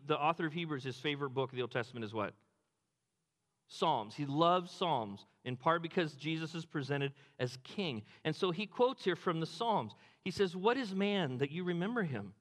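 A man preaching a sermon, animated, acting out quotes with a dropped low voice. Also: long reverb tail. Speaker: pastor.

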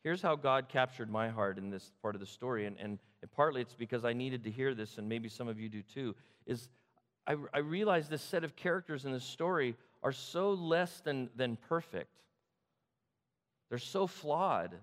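A man from the Sacramento area preaching a sermon, retelling the story with animated repetition. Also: medium pitch, moderate pace, big-room sound. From Sacramento area, California. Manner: animated storytelling, repeats phrases. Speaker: pastor.

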